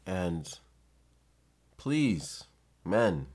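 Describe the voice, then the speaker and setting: A man's voice: sits low, very animated, extremely slow, a little mellow, breathy edge. Blunt, profane man ranting to camera. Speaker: vlogger giving advice. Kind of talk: casual rant to camera.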